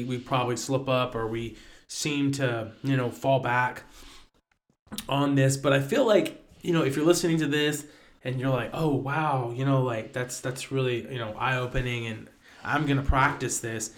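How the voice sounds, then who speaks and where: A man's voice: medium pitch, steady tone, moderate pace. Easygoing young man, casual talk. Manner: easygoing, fillers, short reactions. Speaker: podcast co-host. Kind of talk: casual Bible study chat.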